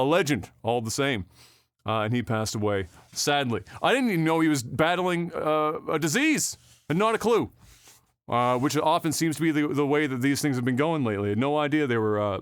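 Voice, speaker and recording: Male podcast host, rambling and sweary, crisp dry studio sound. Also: medium pitch, lively intonation, moderate pace, no echo. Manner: rambling, profane, with frequent fillers. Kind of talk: casual podcast chat.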